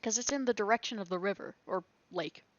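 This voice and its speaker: A woman's voice: mid-range voice, brisk, dry recording, muffled recording. A woman playing a survival game and thinking aloud, chatty and rambling, laughing often. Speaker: gaming video creator. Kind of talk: thinking aloud during gameplay.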